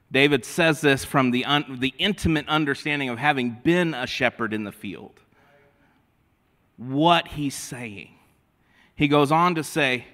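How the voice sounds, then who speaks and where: Male pastor, unhurried emphatic sermon delivery with call-and-response, reverberant church sound. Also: medium pitch, fairly bright tone. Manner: slow, emphatic preaching with drawn-out phrases and audience call-and-response. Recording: long hall reverb.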